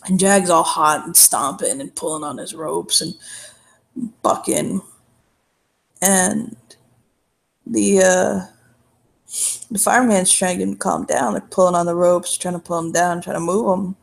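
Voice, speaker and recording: Woman with a gravelly fry, rambly folksy in-character storytelling, talks like an older sister. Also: on the low side, steady tone, measured pace, pauses often. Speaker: tabletop role-play player. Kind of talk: in-character role-play.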